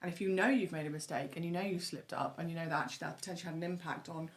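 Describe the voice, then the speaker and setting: A woman co-hosting a casual podcast chat, animated and laughing often, repeating words as she talks. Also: on the low side, rapid-fire. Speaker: podcast co-host. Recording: roomy studio echo.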